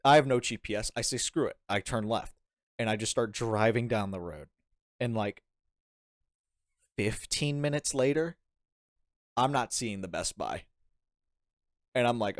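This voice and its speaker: Animated rambling young man telling a story. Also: mid-range voice, moderate pace, long pauses, no room sound, clean studio sound. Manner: animated, rambling, laughing, acts out quoted lines. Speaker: podcast guest. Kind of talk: casual storytelling chat.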